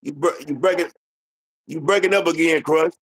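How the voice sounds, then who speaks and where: A man's voice: on the high side, normal speed, no room sound, poor audio. A man hosting a casual sports talk show, rambling and repeating himself with lots of "you know what I'm saying".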